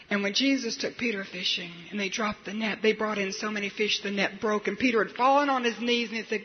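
A man with a high voice preaches a storytelling sermon, building to emphatic peaks. He retells scenes with animated energy. The recording sounds dull and lo-fi, with faint hiss underneath. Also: brisk, hardly any pauses.

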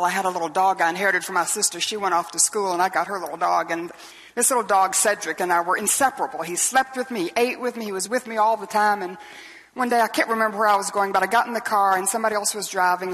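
An older woman preaches as a Bible teacher, telling stories earnestly and tossing in rhetorical questions. Her voice is husky and sits at a middle pitch for a woman. It rings out with a long reverb, as in a large hall. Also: a bit bright. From Southeastern US. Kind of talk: sermon.

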